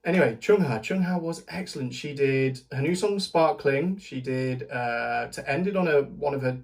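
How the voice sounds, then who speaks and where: A man's voice: medium pitch, normal speed, vocal fry. A British man giving a casual, rambling spoken recap to camera, chatty, laughing often and restarting his sentences. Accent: British English. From Britain. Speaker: vlogger.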